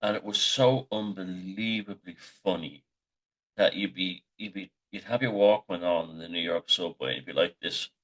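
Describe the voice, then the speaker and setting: A man's voice: low voice, moderate pace, fairly bright tone. A middle-aged man, the host, telling rambling, sweary anecdotes in a casual monologue.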